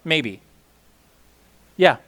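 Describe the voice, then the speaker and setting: A man's voice: extremely slow, fairly bright tone. A man leading a casual Bible teaching session, talking conversationally with many fillers and asking the group questions.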